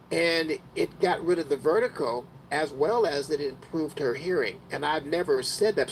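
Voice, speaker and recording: A man's voice: on the high side, slight background noise, poor audio. A man hosting a call, casually telling a story to the group. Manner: conversational, storytelling. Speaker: call host. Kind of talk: casual talk on a video call. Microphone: video call.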